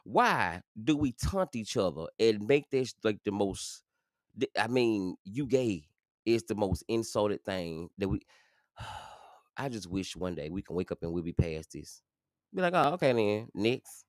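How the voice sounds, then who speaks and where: Deep-voiced man hosting a lively stream. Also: unhurried, no echo, studio quality. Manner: animated, preachy, talks straight to viewers. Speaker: livestream host. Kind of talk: livestream commentary.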